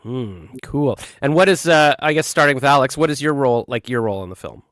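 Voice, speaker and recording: A man hosts a casual interview, playful and teasing. His voice sits at a middle pitch. The sound is dry and close, with no room around it. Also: animated, a little fast, fairly bright tone, dry recording. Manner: jokey, playful, teasing the guests. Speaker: interviewer host.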